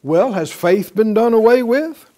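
A man teaching a Bible class in a slow, unhurried delivery. His voice sits fairly high for a man, yet it sounds mellow and soft. He keeps it conversational, throwing rhetorical questions at the class and chuckling between points. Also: animated.

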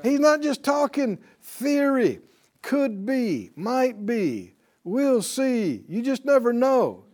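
A man's voice: very high voice, very animated, slow, a little mellow. A man teaching a Bible lesson in an emphatic preaching style, calling out to his audience for responses. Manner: emphatic, rising on key words.

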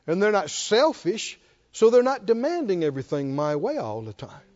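A man's voice: high-pitched, moderate pace, muffled recording. A man preaching a sermon, asking the congregation questions and chuckling often. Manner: animated call-and-response preaching, chuckling often. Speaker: pastor.

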